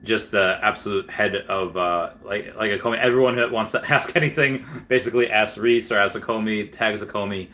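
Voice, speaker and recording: A man talks through a casual vlog in a lowish voice with a bright, forward tone. He rambles, restarts his sentences and chuckles often. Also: a little fast, few pauses. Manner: rambling, many fillers and restarts, frequent chuckles. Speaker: gaming and crypto video host.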